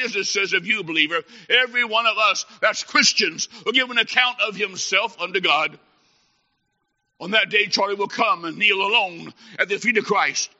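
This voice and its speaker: A man preaching a sermon, telling a story dramatically and swinging from hushed tones to shouting. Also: high-pitched. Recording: dull lo-fi recording.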